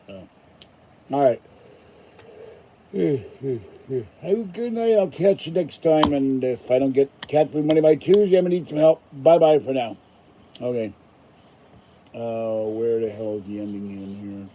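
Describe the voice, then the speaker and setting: A man's voice: lowish voice, warm tone, slight background noise, poor audio. A tired older man from Pittsburgh, a channel host rambling and grumbling through a casual live stream sign-off. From Pittsburgh, USA.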